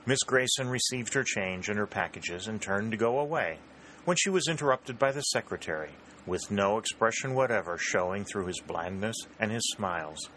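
Bright-voiced male audiobook narrator. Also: lowish voice, expressive, normal speed, slight background noise, low-quality recording. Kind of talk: scripted narration.

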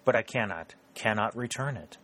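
A man's voice: on the low side, animated, moderate pace, fairly bright tone. A man reading the lines of a proud young woman who coldly refuses a suitor in an audiobook. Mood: firm. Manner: cold, level, firm.

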